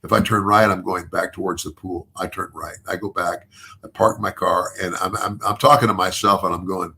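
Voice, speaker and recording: Deep gravelly older man telling a story. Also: steady tone, moderate pace, sharp tone. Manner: rambling with many restarts and repeated words; chuckles through his own story. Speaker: podcast guest. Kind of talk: casual storytelling.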